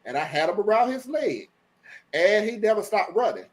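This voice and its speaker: A woman's voice: mid-range voice, very animated, moderate pace. An older woman chatting on a video call, telling wry stories. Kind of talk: casual group chat on a video call.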